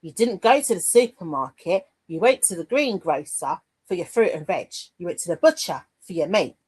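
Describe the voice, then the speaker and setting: Animated and husky, a middle-aged woman with a fairly low voice speaks at a moderate pace while hosting a craft livestream. She chats casually, reads viewer comments playfully, warms to her audience, and trails off laughing. The recording is low quality.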